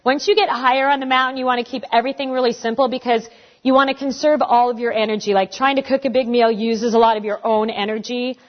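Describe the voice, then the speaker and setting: Animated woman in her forties, lo-fi. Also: fairly high pitch, fast. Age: 40s. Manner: animated storyteller, acts out quoted voices. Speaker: speaker answering audience questions. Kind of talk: casual talk answering questions. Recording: dull lo-fi recording.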